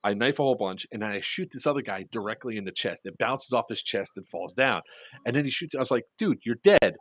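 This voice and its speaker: A man telling a long story in casual podcast chat, acting out the quotes with lively voices and freely swearing. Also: mid-range voice, quick pace, no room sound. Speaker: airsoft podcast speaker.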